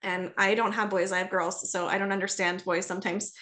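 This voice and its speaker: A middle-aged woman, a parenting coach, chatting on a podcast and telling stories with lively acted-out dialogue. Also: medium pitch, a little fast. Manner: animated storyteller, acts out dialogue. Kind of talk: casual podcast conversation.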